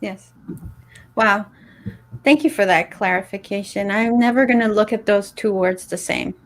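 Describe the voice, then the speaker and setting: A woman's voice: medium pitch, slight background noise. A woman hosting a talk show who thanks her guest often and repeats her ideas back to her. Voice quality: slow and appreciative, thanks the guest warmly. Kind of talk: interview chat.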